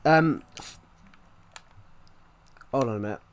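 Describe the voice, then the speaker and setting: A man's voice: mid-range voice, clean tone. A young man chatting casually on a live stream while gaming, rambling and restarting his sentences. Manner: rambling, halting, many restarts.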